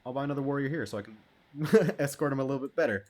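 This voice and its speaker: A man's voice: mid-range voice, very fast. A man giving casual, rambling gameplay commentary, joking and swearing as he plays. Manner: laid-back, rambling and joking, with frequent swearing. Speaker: gamer.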